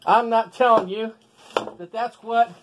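A man's voice: very high-pitched, fairly even intonation, measured pace, noisy background. A man telling a Bible story as a children's lesson with stuffed animals, folksy and full of sound effects. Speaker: storyteller teaching children's values.

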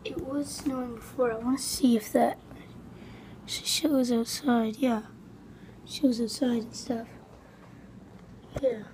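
A woman from Canada vlogging casually, talking in an excitable, rambling way into a phone on a selfie stick. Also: on the high side, slow, pauses often, slight background noise. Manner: rambling, excitable, lots of "like" and "yeah". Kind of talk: casual vlog.

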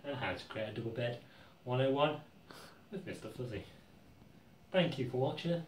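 A man's voice: mid-range voice, animated, moderate pace, long pauses, far from the mic. A young man walks through a silly tutorial in a loose, goofy way. He sits well back from the microphone in a roomy space, with faint room noise behind him. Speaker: vlogger. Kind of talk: jokey tutorial.

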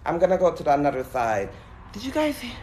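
Wandering an abandoned building outdoors, a lisping male paranormal vlogger keeps up casual livestream chatter aimed directly at his viewers, punctuated by nervous asides. His pitch is fairly high and swings hugely, his tone darkish, his pace quick.

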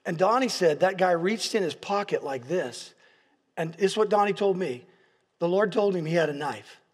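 A pastor preaching a sermon in a large church hall, telling stories with restarts and repeated words and building to impassioned peaks. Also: male voice, high voice, expressive, normal speed, slightly rough. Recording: long hall reverb.

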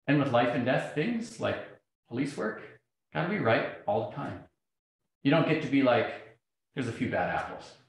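Gravelly and mid-range, this middle-aged man's voice moves at normal speed but pauses often. He gives an animated public talk in a very echoey lecture hall, telling stories and acting out their dialogue.

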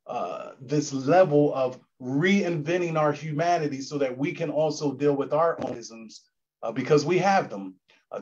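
A man from the commission giving formal closing remarks at a virtual event, measured and solemn with a preacherly cadence, over a video call. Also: a little high, darkish tone. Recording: dull lo-fi call audio.

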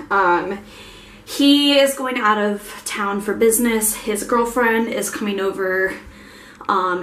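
A young woman from Ohio vlogs casually, rambling along with many fillers in a mid-range, fairly bright voice. The room is echoey, with faint ambience in the background.

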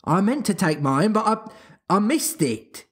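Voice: medium pitch, sing-song, unhurried, slightly rough, pitched above the performer's own voice. A podcast reader voicing a blustering, childish father who sulks and bickers. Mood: petulant. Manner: huffy and childish. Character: blustering, petulant grown father.

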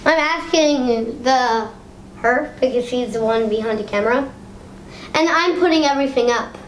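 A high-voiced woman chats at home as she decorates a tree, pausing often with ums. The room sounds echoey, with a faint hiss behind her. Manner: chatty, hesitant with many ums. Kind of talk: casual home vlog chat. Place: home living room indoors.

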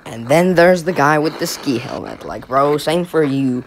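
A man's voice: a little high, normal speed, a little hiss or hum. A young man from Finland giving mocking, exasperated comic commentary over a video. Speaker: comedy video creator.

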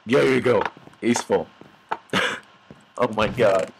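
A man's voice: lowish voice, slow pace, creaky, a little hiss or hum, poor audio. A young man giving goofy, mock-dramatic commentary over his own gameplay, talking to the animals on screen.

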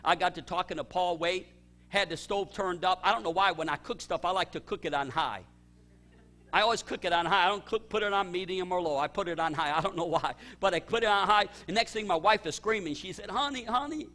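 A middle-aged male pastor telling a personal story in a sermon, his voice swinging from loud excited bursts to low quiet emphasis. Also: a little fast.

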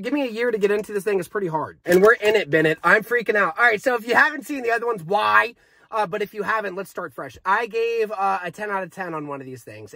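A man's voice: high-pitched, pushed and bright, no room sound. A young man reviewing a vape in a casual, hyped, joking vlog, talking straight to his viewers.

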